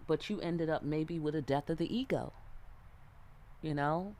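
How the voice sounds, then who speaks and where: Low-voiced, streetwise tarot reader woman. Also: normal speed. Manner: streetwise, animated, swearing, checks in with the listener. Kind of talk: casual spoken tarot reading.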